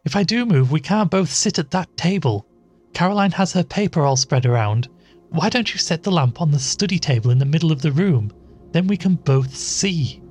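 A man reading a storybook voices an impatient, sharp-tongued woman who scolds her sisters peremptorily. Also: a little high, animated, moderate pace, breathy edge, faint music behind, voice pushed up.

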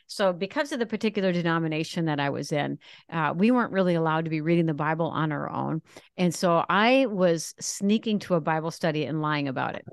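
Guest spot: middle-aged woman, lowish voice, dry close sound, confessional storyteller. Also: fairly quick, smooth, no echo. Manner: frank and confessional, acts out quoted dialogue. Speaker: interview guest. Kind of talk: candid personal storytelling.

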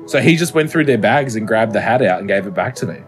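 This is a man talking in a relaxed podcast chat. He tells stories with lots of swearing and bursts of laughter, and his pitch rises and falls a great deal. Music plays faintly underneath. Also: quick pace. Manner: swearing, animated storyteller. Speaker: podcast co-host. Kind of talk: casual chat.

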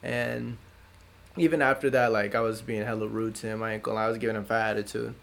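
A young man co-hosting a podcast, chatting casually in relaxed slang and acting out the people in his stories. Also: fast talker, vocal fry. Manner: laid-back slang, acts out his dad in a higher voice. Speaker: podcast co-host. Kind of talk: casual chat.

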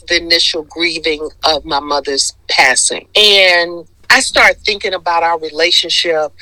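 A woman's voice: lowish voice, pushed and bright, dry recording, rough recording. A woman in her sixties from Detroit, telling her story as a guest in a casual interview and acting out the voices she quotes. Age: 60s. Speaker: guest, skincare founder.

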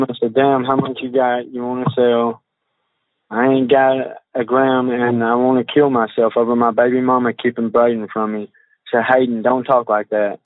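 A man speaks over a tinny phone line, his voice dry and close with no room around it. He talks in a halting drawl, full of fillers and restarts, as he reads old text messages aloud. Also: mid-range voice, no echo. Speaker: witness on a phone call.

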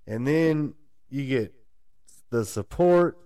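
Mellow-voiced man in animated casual chat. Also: medium pitch, slow, dry recording, clean studio sound. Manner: animated, acts out quoted voices of friends and family. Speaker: podcast co-host.

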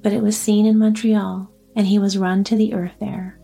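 A woman voicing a quiet, matter-of-fact grown son in a storybook reading. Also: mid-range voice, level tone, moderate pace, vocal fry, slightly rough, soft background music. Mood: earnest. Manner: quiet, earnest.

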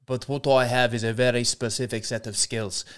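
A wobbly, overdone South African accent from a man clowning it up as a mock podcast host. The voice stays smooth and clean while the accent keeps drifting off course. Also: mid-range voice, flat delivery, normal speed, lightly acted. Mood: mock menacing.

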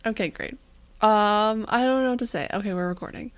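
A woman's voice: medium pitch, brisk, crowd noise. A woman co-hosting a podcast in casual chat, playful and joking, rambling with lots of fillers. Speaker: podcast co-host. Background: pets making noise.

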